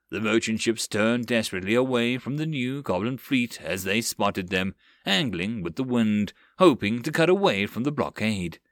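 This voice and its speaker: Guy reading a web novel audiobook, lively dramatic delivery, dry close mic. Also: on the low side, normal speed, few pauses, no echo. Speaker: audiobook narrator.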